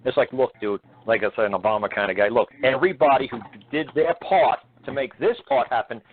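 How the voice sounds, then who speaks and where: A man hosting a call-in radio show, explaining in a plainspoken, rambling way that stumbles and repeats words. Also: mid-range voice. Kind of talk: casual call-in radio talk. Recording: dry, tinny phone-like radio audio.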